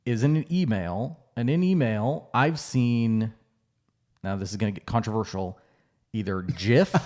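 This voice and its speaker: A man with a lowish voice co-hosting a podcast. He talks in a loose, chatty way and often restarts or fills with "uh". It is relaxed podcast conversation. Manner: conversational, with frequent fillers and restarts. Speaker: podcast co-host. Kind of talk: casual podcast chat.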